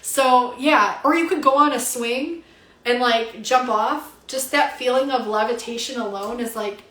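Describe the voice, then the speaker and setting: Young woman reader, lively casual livestream chatter, slightly high voice, roomy echo. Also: a little hiss or hum. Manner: chatty and animated, swears casually, many "like" fillers. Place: at home.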